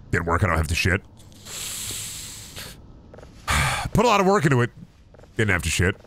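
A man with a fairly low voice and a very lively, swinging pitch chats to his live-stream audience while he plays. He swears freely and rambles excitably. Faint background noise sits under the voice. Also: measured pace. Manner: profane, excitable, talks to chat. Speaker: game streamer. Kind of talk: casual live-stream commentary.

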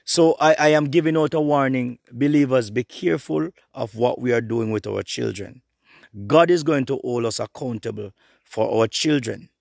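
Man preaching online, middle-aged, gravelly, goes hushed then big, repeats himself. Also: mid-range voice, moderate pace, no echo, studio quality. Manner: fervent, repeats phrases, swings between hushed and rising. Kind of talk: online sermon.

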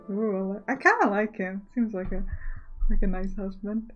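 A woman's voice: mid-range voice, a little slow, rough recording. A woman hosting a let's play, reading a story game's text aloud and chatting between passages. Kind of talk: game commentary and narration reading. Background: faint game music.

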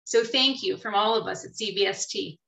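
A woman's voice: mid-range voice, brisk, gravelly, a bit bright, recorded from a distance. A woman giving heartfelt, inclusive announcements to families at a service. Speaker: congregation leader. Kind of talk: warm welcome and announcements. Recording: echoey room, away from the mic.

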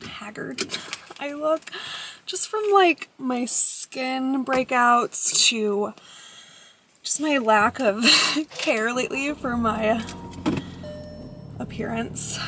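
A young woman vlogging casually while driving, chatty, using "like" a lot and laughing at herself. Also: on the high side. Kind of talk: casual vlog chat. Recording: road noise from a moving car.

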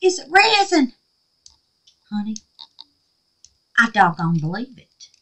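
An older woman from Mississippi, with a Southern US accent, hosts a casual resin crafting vlog, chatty and gushing as she calls viewers honey and babies. Her voice is on the high side, sing-song, slow, and a bit bright, on a low-quality recording.

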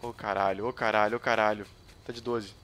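A Brazilian man commentating gameplay for his viewers, excitable and jokey, swearing often and switching into Brazilian-accented English. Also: fairly low pitch, quick pace, a little hiss or hum. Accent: Brazilian Portuguese. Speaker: gaming YouTuber.

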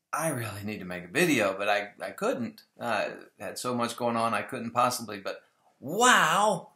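A man's voice: mid-range voice, bright, forceful tone. A man talking casually and with strong opinions in a commentary vlog about Bible prophecy, often mimicking other people mockingly. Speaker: video blogger on Bible prophecy. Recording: roomy echo.

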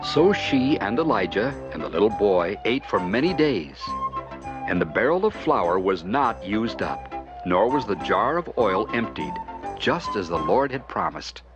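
A man giving scripted narration of a children's Bible story, expressive and animated. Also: lowish voice, measured pace. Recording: dull lo-fi with music behind.

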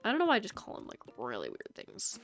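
A woman's voice: medium pitch, huge pitch swings, quick pace, creaky, faint music behind. A woman streamer chatting casually with her viewers while playing a game, rambling and talkative. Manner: rambling, chatty, talks to chat. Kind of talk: casual live-stream chat while gaming.

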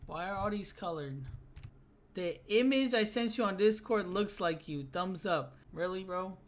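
Commentating a horror game let's-play, this young YouTuber speaks in a high-pitched, unhurried voice. Jumpy and excitable, he keeps saying "bro" to everyone and shouts when he gets a scare.

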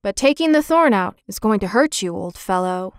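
A woman voicing a capable, caring older girl who talks briskly and soothingly in a storybook reading. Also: medium pitch, expressive, no room sound, studio quality, lightly acted.

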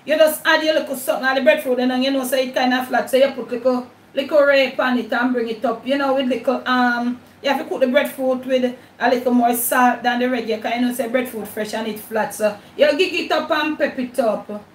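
A woman's voice: high voice, steady tone, fairly quick, echoey room, far from the mic, poor audio. A Jamaican woman hosting her cooking channel live, chatting casually with viewers in a mix of patois and English while she cooks. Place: home kitchen.

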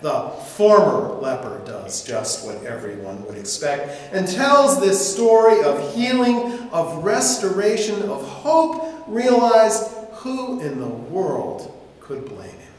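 A man preaching a sermon in a church, his fairly high voice leaping and dropping as he tells the story with relish. The sanctuary adds long, ringing reverb to every phrase. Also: takes it slowly. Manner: animated storytelling, acting out voices. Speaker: pastor. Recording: echoey hall reverb.

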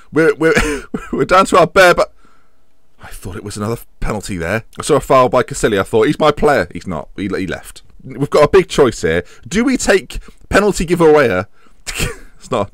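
A man, a gaming YouTuber, commentating his own football management match at home in an excitable, self-mocking way, shouting at big moments. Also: mid-range voice, a little fast, no echo. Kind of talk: live game commentary. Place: home room with windows open.

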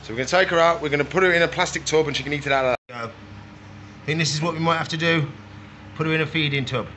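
A young man talks his way through feeding reptiles in a loose, chatty vlog manner. He coaxes and scolds the animals playfully, with a bright, forceful tone. Faint noise sits behind him. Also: a little high, rapid-fire. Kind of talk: casual vlog narration while working.

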